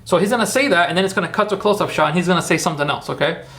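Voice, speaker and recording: A man's voice: high voice, rapid-fire, fairly bright tone. A man hosting a casual livestream, chatty and rambling as he talks viewers through his steps and cheers them on. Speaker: livestream host.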